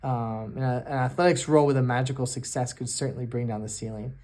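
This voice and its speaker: Man, mid-pitched, running a solo tabletop game; halting, thinks aloud. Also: steady tone, darkish tone. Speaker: solo game master and player. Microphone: self-recorded on camera.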